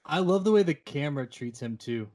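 A man's voice: fairly high pitch, animated, fairly quick, dark tone. A man co-hosting a podcast about a film, talking casually with a wry, profane tone and mock-formal announcements. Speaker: podcast co-host.

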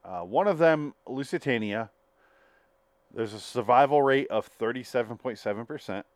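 A man's voice: mid-range voice, lively intonation, normal speed, dry recording. A man co-hosting a comedy podcast, playful and riffing through improvised banter. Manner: playful, riffs in silly put-on voices.

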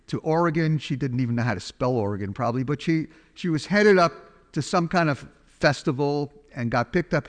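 A man giving a chatty, humorous personal testimony, telling a story to an audience. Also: a little high. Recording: long hall reverb.

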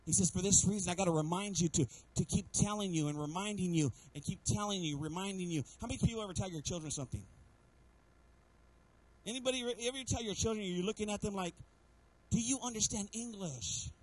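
This middle-aged pastor has a high-pitched voice and talks fast, though the audio quality is poor. His sermon is animated, full of humorous stories, and he keeps calling out to the congregation.

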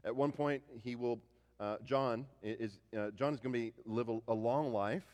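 A man's voice: mid-range voice, normal speed, darkish tone, in a large hall. A man preaching a sermon in a conversational way, putting questions to his listeners and often restarting his sentences. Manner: conversational, rhetorical questions to the congregation; frequent restarts and repeated words. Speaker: pastor.

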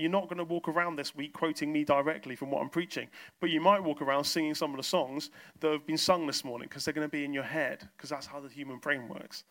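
A man's voice: a little high, fairly bright tone. A man from the south coast of England, a pastor preaching a sermon in church and telling stories with acted-out exchanges. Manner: storytelling, acts out exchanges in quoted voices.

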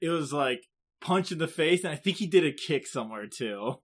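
A man co-hosting a podcast, recapping anime episodes in casual, animated chat and often laughing. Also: on the high side, normal speed, breathy edge. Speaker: podcast co-host.

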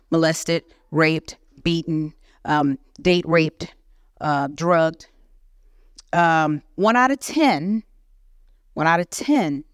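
A woman preaching to a women's session at church, lively and conversational. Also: sits low, smooth, no room sound, studio quality. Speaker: guest speaker. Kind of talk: teaching sermon. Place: church hall.

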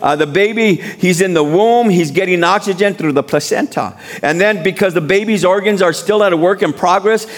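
A man preaching a sermon as guest speaker in a church, building to shouted appeals and call-and-response. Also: sits high, normal speed, few pauses.

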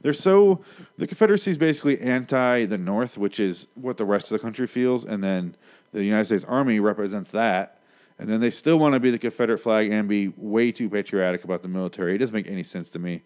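A man in his thirties with a fairly low voice, hosting his podcast alone. He rants with heat and lots of swearing, earnest rather than joking. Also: fast, darkish tone. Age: 30s. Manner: heated and profane, earnest. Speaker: comedian and podcast host. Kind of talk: solo podcast rant.

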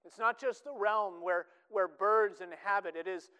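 A man's voice: high-pitched, moderate pace, sharp tone, clear, resonant tone, poor audio. A man preaching a sermon in an earnest way, often repeating words for emphasis.

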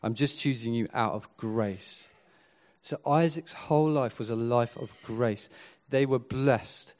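A man preaching a sermon, earnest and swinging from quiet to emphatic. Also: medium pitch, measured pace.

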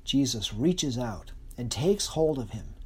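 A preacher delivering a sermon in an earnest, expressive way, slowing and softening for emphasis. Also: mid-range voice, breathy edge.

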